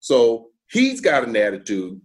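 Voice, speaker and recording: Animated man chiming into a story. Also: mid-range voice, measured pace. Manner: animated, chuckling asides. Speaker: former basketball broadcaster, guest. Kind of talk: casual storytelling.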